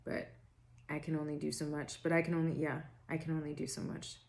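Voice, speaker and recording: A young woman doing a casual spiritual reading to camera, rambling and self-interrupting, her throat raspy and tired. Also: deep voice, level tone, brisk, darkish tone. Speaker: tarot reader.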